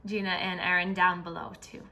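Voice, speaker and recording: A woman's voice: on the low side, level tone, a little fast, bright, forceful tone. A woman hosting an interview who speaks hesitantly and backs her guests with frequent affirmations. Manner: hesitant, friendly, backchannels often. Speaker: host. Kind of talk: conversational interview.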